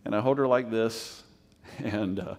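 A man's voice: lowish voice, a little slow, darkish tone, long reverb tail. A man preaching a conversational sermon as pastor, with emphatic repetition and frequent check-ins with the congregation. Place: church sanctuary.

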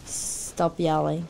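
A woman gaming YouTuber giving loud, excitable let's-play commentary, yelping, laughing and chatting with her viewers. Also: on the low side, vocal fry, noisy background. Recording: game music playing underneath.

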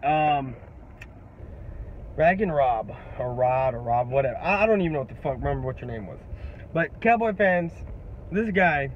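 A man's voice: mid-range voice, lively intonation, normal speed, long pauses. A young man ranting to camera as a sports fan vlogger, profane and trash-talking. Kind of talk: heated sports rant to camera. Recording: dull lo-fi audio with faint background noise.

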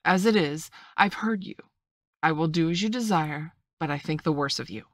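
A woman reading a novel aloud, voicing an excitable, loose-talking male country squire who blusters with indignation. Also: sits low, moderate pace, dry recording, clean studio sound, lightly acted. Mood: indignant. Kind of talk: audiobook reading.

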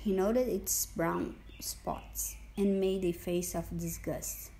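Slow-reading woman narrator. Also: lowish voice, fairly even intonation, mellow, slight background noise, low-quality recording. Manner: slow, clear, deliberate reading. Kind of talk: reading a novel aloud for a school lesson.

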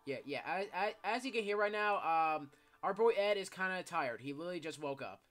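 Bright-voiced young guy gaming. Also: high-pitched, lively intonation, fairly quick, soft background music. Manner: rambling, heavy on fillers like "yeah" and "like". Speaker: gameplay commentator. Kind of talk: casual gaming chat.

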